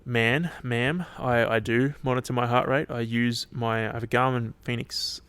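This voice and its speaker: A man's voice: medium pitch, steady tone, moderate pace, fairly bright tone, clear, resonant tone. A young Australian man hosting his podcast alone, chatting casually in a loose, rambling and sweary way. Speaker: podcast host. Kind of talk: casual solo chat.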